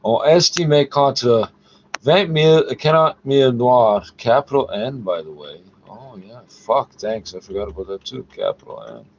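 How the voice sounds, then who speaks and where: A man's voice: mid-range voice, a little mellow, slight background noise. Profane man stumbling through French aloud. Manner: profane, argumentative, mutters asides under his breath; reads French haltingly, stopping to correct himself. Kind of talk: casual solo recording, reading French aloud and commenting. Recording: dull lo-fi recording with faint music. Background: faint music.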